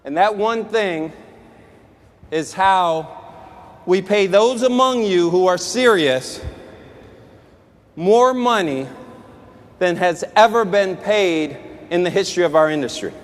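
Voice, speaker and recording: Fired-up high-voiced man rallying a hall. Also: expressive, slow pace, long pauses. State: out of breath. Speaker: sales executive addressing a company event. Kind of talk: motivational conference speech. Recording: echoey large hall with music.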